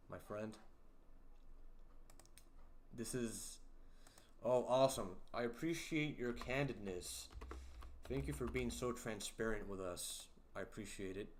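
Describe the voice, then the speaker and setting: A man hosting a casual livestream, talking slowly in a low-key way with lots of fillers that can come across as sarcastic. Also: slight background noise. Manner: slow, low-key talk with many fillers, sounds sarcastic. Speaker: livestream host.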